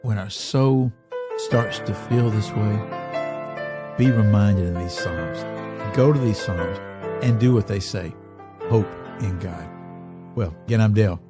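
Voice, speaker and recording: A man hosting a devotional Bible teaching, reading verses slowly and then explaining them with lively, emphatic questions. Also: fairly low pitch, over loud music. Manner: addresses listeners as folks.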